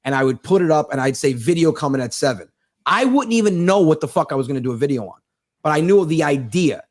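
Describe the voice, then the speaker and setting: A man's voice: a little high, expressive, fast talker, dry recording, studio quality. Profane sarcastic male storyteller. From United States. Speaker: comedian guest. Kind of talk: casual storytelling chat.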